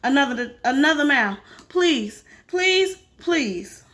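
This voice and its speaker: A woman's voice: high voice, moderate pace, vocal fry, fairly bright tone. A woman voicing a frightened, protective mother who speaks in a tight, pleading way. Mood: urgent.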